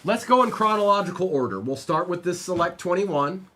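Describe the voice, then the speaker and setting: Man, live-stream host, casual chat with viewers, animated pitch, rattles off name lists. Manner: talks to chat viewers by name, reads lists of names quickly. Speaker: livestream card break host.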